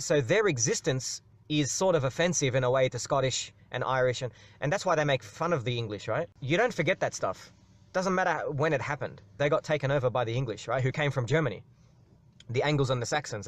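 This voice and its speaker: A man talks through a live question-and-answer stream in a loose, rambling way. He stops often to ask "right?" and stumbles back over his words. Faint music plays quietly behind him. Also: mid-range voice. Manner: rambling, repeats "right?" as a tag, restarts words. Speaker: live Q&A host. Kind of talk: casual explanatory monologue.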